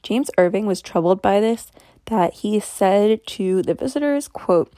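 Casual female storyteller, wry and doubtful, mid pitch, dry close sound. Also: lively intonation, a little slow, mellow, dry recording. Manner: skeptical, wry asides. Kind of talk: casual true-mystery storytelling.

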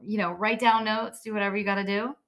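A woman co-hosting a podcast in casual chat, laughing often, swearing freely and reacting quickly. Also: mid-range voice, fairly even intonation, fairly bright tone. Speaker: podcast co-host.

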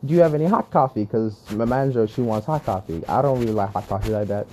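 A young man telling a casual, exasperated story about his week, often laughing, with lively swings in his voice. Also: fairly low pitch, quick pace, a little hiss or hum. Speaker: vlogger.

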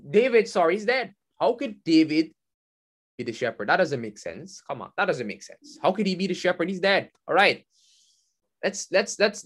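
A man preaching a sermon, with animated emphasis that swells and drops, often repeating himself. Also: fairly high pitch. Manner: animated, rising and falling emphasis, repeats and restarts.

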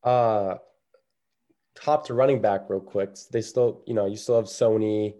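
A man drifts through casual sports talk in a loose, rambling way. His voice sits low and sounds soft and mellow. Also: steady tone, a little slow. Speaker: podcast co-host.

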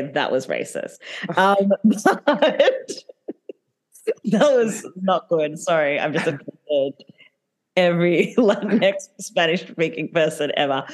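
Giggly, chatty woman. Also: deep voice. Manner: chatty, giggly, full of filler words. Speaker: podcast co-host. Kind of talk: casual chat recapping reality TV.

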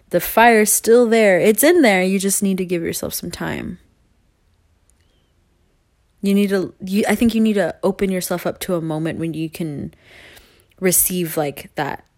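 A woman's voice: fairly low pitch, normal speed, darkish tone, no room sound. Earnest rambling woman vlogger, dry sound. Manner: rambling, earnest, laughs often, swears casually. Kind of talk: casual monologue to viewers.

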